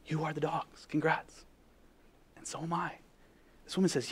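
Male pastor, fairly high voice, emphatic sermon delivery with hushed stretches and loud peaks. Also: moderate pace, long pauses, slightly rough. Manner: emphatic, questioning the congregation; drops to a hushed voice then builds up loud.

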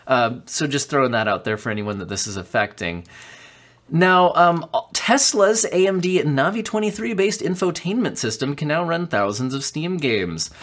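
Chatty man with a cold, lively pitch. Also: normal speed. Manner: chatty, with many ums and self-corrections. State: has a cold. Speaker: tech news host. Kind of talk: casual tech news rundown. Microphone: studio condenser mic.

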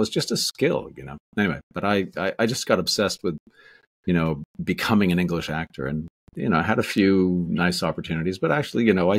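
Husky low-voiced Canadian man telling stories. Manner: rambling, anecdotal, many restarts and fillers. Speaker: actor guest. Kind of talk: casual interview storytelling.

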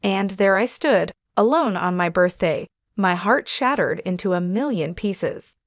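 A woman reading a scripted first-person drama as narrator, in a steady, even way. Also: medium pitch, measured pace, no room sound, clean studio sound.

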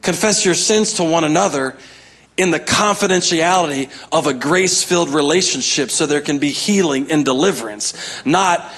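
Pastor guy giving a sermon, kinda high voice, says stuff over and over for emphasis, gets the crowd going. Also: moderate pace, fairly bright tone, breathy edge. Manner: emphatic, repeats phrases, calls out to the congregation.

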